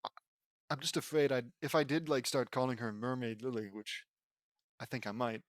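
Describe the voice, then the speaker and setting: A man's voice: mid-range voice, steady tone, moderate pace, dry recording. Rambling man reading fan fiction, dry. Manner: rambling, self-mocking commentary with laughs. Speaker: fan fiction audiobook reader.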